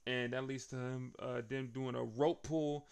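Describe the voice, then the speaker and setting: A man hosting a casual wrestling recap, retelling events in slangy, animated speech. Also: medium pitch, measured pace, gravelly, smooth. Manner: slangy, animated, laughs between beats.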